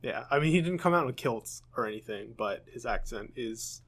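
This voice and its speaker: Young American guy, podcast co-host, casual rambler, mid-pitched, lots of ums. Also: lively intonation, fairly quick, fairly bright tone, slightly rough. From United States. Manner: rambling, self-correcting, frequent ums. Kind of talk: casual chat.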